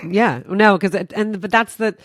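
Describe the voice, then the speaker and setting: A woman hosting a podcast conversation, telling lively stories and acting out quoted voices, swearing casually. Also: mid-range voice, moderate pace, dry recording, clean studio sound. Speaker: podcast host.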